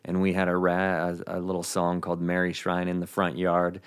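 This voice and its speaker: A man who is a comedian guest, telling a story in an animated, comic way. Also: sits low, fairly quick, clear, resonant tone. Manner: lively storyteller, acts out voices with laughs.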